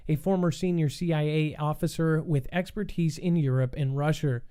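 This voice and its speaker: A man's voice: on the high side, steady tone, normal speed, mellow, clear, resonant tone. A man hosting a comedy call-in news show, stumbling over words, repeating them in silly voices and making joking asides to himself. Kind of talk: goofy read-out news blooper reel.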